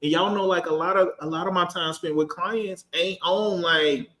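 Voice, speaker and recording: A man in his thirties, a finance professional on a casual business panel, talking in an animated, slangy way and acting out quoted voices. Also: high-pitched, moderate pace, echoey room. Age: 30s.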